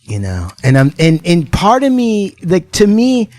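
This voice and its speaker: Playful high-voiced male podcast host. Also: huge pitch swings, unhurried, a little mellow, dry recording. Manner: rambling and playful, laughs often. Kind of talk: casual chat.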